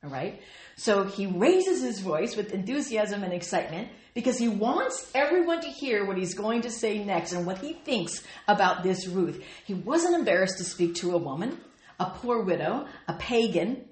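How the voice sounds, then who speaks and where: A woman's voice: medium pitch, normal speed, roomy sound. A woman teaching a Bible study, earnestly reading and explaining scripture with feeling. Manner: earnest and expressive, reads scripture aloud with feeling.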